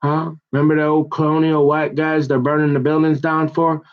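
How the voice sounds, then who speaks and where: A man talks in a loose, rambling way, stacking slang and restarting sentences as he goes. His voice sits a little high for a man. The recording is dull and lo-fi. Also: level tone, a little fast. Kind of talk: rambling casual monologue. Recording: dull lo-fi sound.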